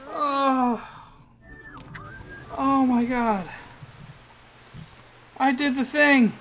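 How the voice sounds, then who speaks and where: A man's voice: very high voice, steady tone, very slow, long pauses, fairly bright tone, low-quality recording. A man hosting a let's play, commenting on his gameplay and groaning in frustration as he keeps failing. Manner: frustrated, groaning and muttering at the game.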